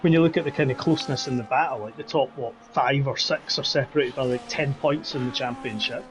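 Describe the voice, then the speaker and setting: A man's voice: mid-range voice, fairly even intonation, a little fast, noisy background. A man co-commentating a sim racing league, chatty and fond of puns and self-deprecating asides.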